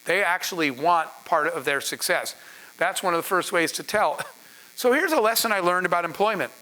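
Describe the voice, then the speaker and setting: A man, a startup founder, telling stories to an audience in an animated way, laughing and acting out dialogue. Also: high-pitched, moderate pace, rough recording. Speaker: startup founder and panel speaker. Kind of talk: storytelling talk to an audience.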